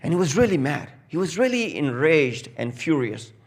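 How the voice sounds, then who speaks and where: A man preaching a sermon in English with a South Asian accent, telling a story with acted quotes that swell loud at the peaks. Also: a little high, sing-song, normal speed. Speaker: Shia preacher. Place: mosque hall.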